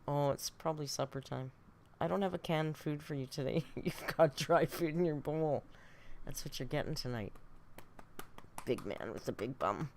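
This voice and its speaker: A woman's voice: deep voice, moderate pace, darkish tone, a little hiss or hum. A woman hosting a casual live reaction stream from home, chatty and laughing as she scolds her cat between remarks. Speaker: reaction channel host.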